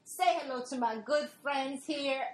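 A woman's voice: sits high, steady tone, a little slow, roomy sound, a little hiss or hum, rough recording. Gushing woman podcast host at home. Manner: emotional, gushing, laughs often. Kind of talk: casual chat. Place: home, family gathering.

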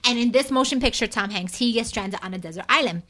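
A woman's voice: a little high, fast talker. A woman co-hosting a casual chat show, animatedly recapping a soap opera and calling out to her listeners. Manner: animated, addresses listeners as "people". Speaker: co-host.

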